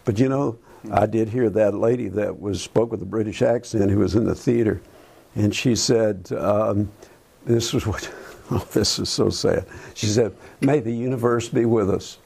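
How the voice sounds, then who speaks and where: An older man hosting a Christian talk show, earnest and preachy, talking in halting phrases with many restarts. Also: fairly low pitch, steady tone, vocal fry, darkish tone, breathy edge. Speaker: Christian radio host. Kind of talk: casual talk about current events.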